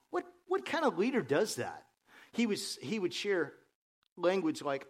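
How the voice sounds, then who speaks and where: Guy preaching a sermon, bit higher voice, tells jokes and stories, goes loud then soft. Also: moderate pace. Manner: lively storytelling with jokes, voice rising and dropping. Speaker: pastor.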